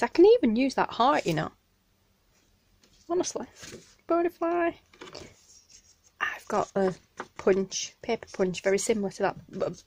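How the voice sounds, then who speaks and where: A woman with a Northern English accent chatting excitedly as she unboxes craft mail in her home craft room, gushing over each item and apologizing for the noise. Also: medium pitch. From Northern England. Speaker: craft channel host. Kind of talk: casual unboxing vlog. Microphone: camera on a tripod.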